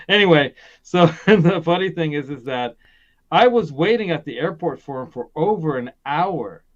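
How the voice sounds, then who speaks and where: A man's voice: on the high side, animated, measured pace, muffled recording. Rambling man hosting a gear stream. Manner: rambling, laughs often, many restarts. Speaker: host of a gear live stream. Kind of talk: casual live-stream chat.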